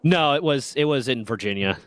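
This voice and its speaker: A man's voice: medium pitch, a little fast. A man telling casual, rambling, profane stories while streaming a game. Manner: rambling, profane, lively anecdotes. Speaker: streamer and storyteller. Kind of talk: casual storytelling while gaming.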